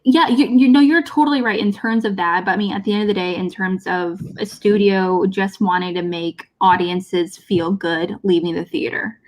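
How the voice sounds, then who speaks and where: A woman's voice: mid-range voice, steady tone, normal speed, hardly any pauses, rough recording. A woman co-hosting a movie discussion show, casual and agreeable, adding film background. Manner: agreeable, chimes in with short backchannels.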